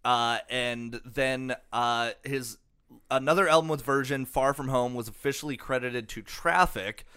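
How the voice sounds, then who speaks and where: A man's voice: mid-range voice, a little slow, sharp tone, clear, resonant tone. A man co-hosting a casual comedy podcast, reading out a musician's history with lots of fillers and swearing. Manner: profane, filler-heavy storytelling. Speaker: podcast co-host.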